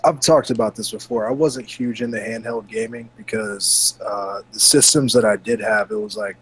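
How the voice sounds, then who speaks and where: A man co-hosting a casual gaming podcast, talking in a relaxed, chatty way while bothered by hiccups. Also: on the low side, moderate pace, slight background noise, rough recording. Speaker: podcast co-host.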